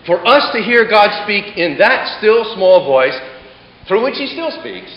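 A man preaching a sermon to a congregation, building to dramatic emphasis and then dropping to a hush. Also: high voice, big pitch swings, unhurried. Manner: dramatic, swelling emphasis and sudden hushed drops. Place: large hall before a congregation. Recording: echoey hall, muffled, faint hiss.

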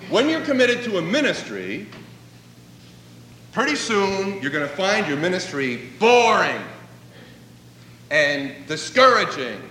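A man's voice: sits high, very animated, slow, pauses often, sharp tone, slight background noise. A man preaching a sermon, telling a story and acting out its dialogue. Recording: echoey hall, voice from a distance.

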